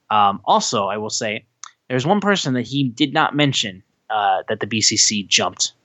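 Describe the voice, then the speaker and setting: A man's voice: fairly low pitch, normal speed. A man co-hosting a wrestling podcast, recapping a show casually and acting out quotes. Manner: animated retelling, acts out quotes. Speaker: podcast co-host.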